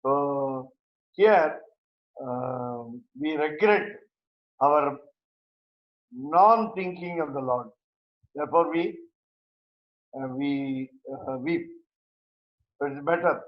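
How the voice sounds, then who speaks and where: Slow, halting man teaching scripture. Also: a little high. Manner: slow, halting, with many pauses and fillers. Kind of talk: verse-by-verse scripture class. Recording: roomy, dull lo-fi recording.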